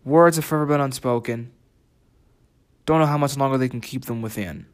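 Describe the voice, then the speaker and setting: Male writing instructor, mid-pitched, reflective lesson delivery with questions to the listener. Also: smooth. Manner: reflective, asks listeners questions, reads lyric quotes slowly. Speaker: writing teacher. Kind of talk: spoken lesson comparing translations.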